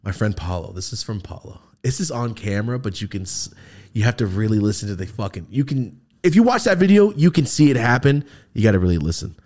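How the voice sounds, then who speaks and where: A man's voice: on the low side, expressive, fast talker, darkish tone. A man hosting a podcast, telling funny stories about his friends in a casual, profane way and laughing often. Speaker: podcast host. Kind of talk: casual comedic storytelling.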